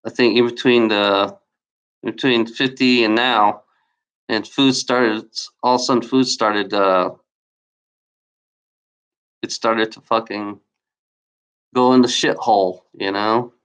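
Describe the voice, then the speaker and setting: Speaking slowly with frequent pauses, a man with a fairly low, clean, slightly bright voice and fairly even intonation rants on video. He is angry, profane and repetitive, and keeps saying he has been lied to.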